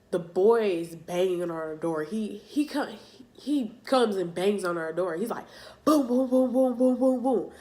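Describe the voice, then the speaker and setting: Young woman vlogger, slow and low, retelling a scary memory in casual slang. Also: dark tone. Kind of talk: storytime vlog.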